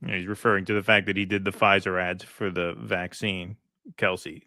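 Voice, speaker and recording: A man co-hosting a casual political chat, sarcastic and quick to laugh, often saying "man". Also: low voice, flat delivery, bright, forceful tone, dry recording, studio quality. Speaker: co-host.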